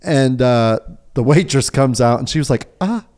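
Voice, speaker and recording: A man's voice: medium pitch, normal speed. A man co-hosting a casual podcast, telling stories animatedly and swearing often. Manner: profane, animated storytelling. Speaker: podcast co-host. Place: hilltop cabin.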